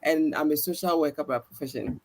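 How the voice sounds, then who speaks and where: A woman from Ghana introducing herself on a video call, cheerful and quick to laugh. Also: low-pitched, a little mellow. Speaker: panelist. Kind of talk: casual chat on a video call.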